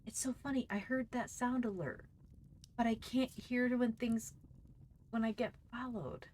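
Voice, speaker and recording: A woman's voice: a little high, steady tone, normal speed, darkish tone. A woman reading a storybook aloud on a live stream, giggly and chatty in asides to viewers.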